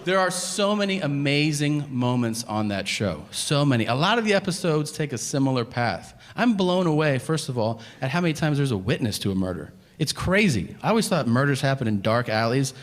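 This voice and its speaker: A man performing a stand-up comedy routine, telling stories in an animated way and acting out voices. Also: mid-range voice, fairly quick, hardly any pauses. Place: theater stage before a live audience. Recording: echoey venue with audience noise. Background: audience laughter.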